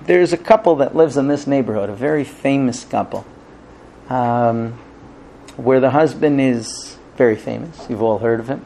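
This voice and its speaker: Creaky and moderately paced, a man's voice carries over slight background noise as he teaches a religious class to a live crowd. He tells stories and plays the characters with dramatic pitch leaps.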